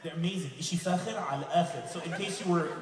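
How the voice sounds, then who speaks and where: A man from Lebanon, doing a rambling, animated live stand-up set in a large hall. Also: on the high side, quick pace, background noise. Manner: rambling, animated, with frequent restarts. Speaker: stand-up comedian. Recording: echoey hall, distant mic, loud crowd.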